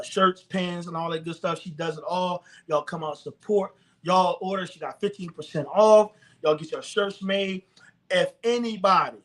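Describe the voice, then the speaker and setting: Fervent high-voiced man. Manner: fervent, exhorting, then relaxed announcements. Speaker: live video host. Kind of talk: preaching-style livestream talk.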